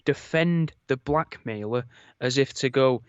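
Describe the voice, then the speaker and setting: A man co-hosting a podcast, telling stories in a rambling, deadpan, casual way. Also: mid-range voice, measured pace, clear, resonant tone, no echo, lo-fi sound. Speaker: podcast co-host. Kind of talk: casual comedic chat.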